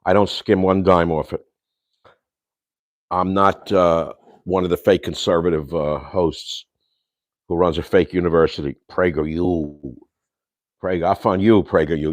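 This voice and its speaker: An older man with a very deep, low voice hosts a casual livestream from his home kitchen. He rambles and rants, throwing insults and Yiddish slang. The sound is dry and close, with no room echo. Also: fairly even intonation, unhurried, long pauses. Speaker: host.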